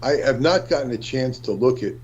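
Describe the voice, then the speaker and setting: A man co-hosting a livestream discussion, speaking in a measured, deliberate way. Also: mid-range voice, expressive, dull audio, a little hiss or hum. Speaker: livestream co-host.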